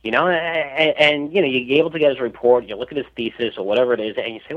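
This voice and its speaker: A man's voice: medium pitch, fast talker, phone-quality sound. A man talking about stocks as a podcast guest, rambling with many restarts and fillers. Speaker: stock newsletter writer, guest. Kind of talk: casual podcast chat.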